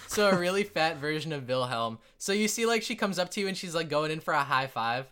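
A man running a tabletop game as game master, rambling through the scene with laughs and curses. His voice is bright and edgy, with an animated, swinging pitch. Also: fairly quick, smooth. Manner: rambling, laughing, profane narration. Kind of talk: casual tabletop game narration.

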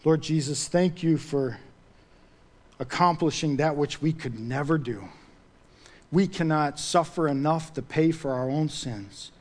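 Emphatic male preacher, slightly high voice. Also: measured pace. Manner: emphatic, repeats key phrases; drops to a soft low voice for prayer. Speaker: pastor. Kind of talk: sermon.

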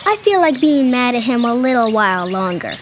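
A high, sulky young girl in a family audio drama. Her pitch leaps up and down as she pouts and whines. Faint background hiss sits under her lines. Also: big pitch swings, fairly quick. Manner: pouty, whiny child voice.

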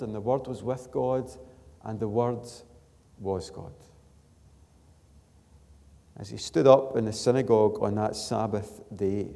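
A man preaching a sermon as pastor, his voice slightly strained, earnest and building to emphatic peaks before dropping soft. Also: medium pitch, creaky, big-room sound. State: struggling voice. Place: church.

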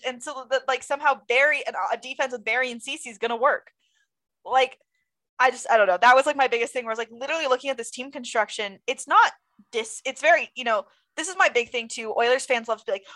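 A woman with a high voice talks sports in a loose podcast chat. She is animated and quick, and she often breaks into laughter and exclamations. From Toronto fan. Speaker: podcast co-host.

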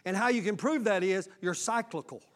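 A man, preaching a sermon as lead pastor, calling out to his congregation and breaking into shouts. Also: high voice, a little fast.

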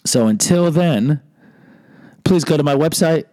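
A man's voice: fairly high pitch, a little slow, mellow. A man hosting a podcast, telling a personal story in a candid, self-deprecating monologue with frequent restarts. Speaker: podcast host.

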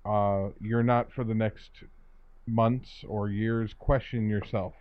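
A man in a casual discussion, talking in a reflective, measured way and often restarting his phrases. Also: on the low side, little pitch movement. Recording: dull dry lo-fi sound.

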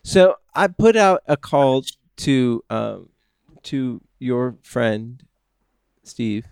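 A man hosts a casual podcast, his voice smooth and closely miked with no room sound. He talks in fits and restarts, steering the banter forward. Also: medium pitch, lively intonation, darkish tone, no room sound. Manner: halting, self-interrupting. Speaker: podcast host.

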